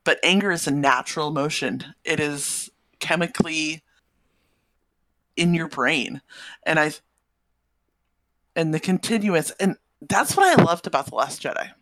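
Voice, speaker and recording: A woman's voice: sits low, expressive, measured pace, pauses often, a bit bright, no room sound, low-quality recording. A woman co-hosting a podcast, speaking in a thoughtful, casual way and often restarting her sentences. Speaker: guest podcast co-host.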